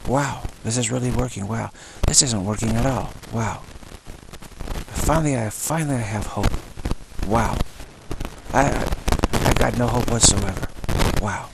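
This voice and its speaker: A man leading a spoken meditation practice, repeating the same word again and again between short phrases in an unhurried, musing way. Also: mid-range voice, gravelly, noisy background. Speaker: meditation teacher.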